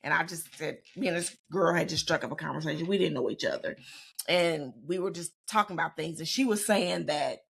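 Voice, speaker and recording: A woman co-hosting a podcast in casual chat, repeating her points in relaxed everyday vernacular. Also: sits low, brisk, vocal fry, slightly rough. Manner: conversational, repeats phrases, speaks in relaxed vernacular. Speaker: podcast co-host.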